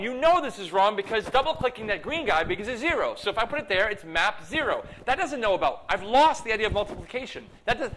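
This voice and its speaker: A man's voice: sits high, fairly bright tone, a little hiss or hum. A man giving a live university lecture while demonstrating code, playful and self-mocking in his asides. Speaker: computer science lecturer. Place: lecture hall.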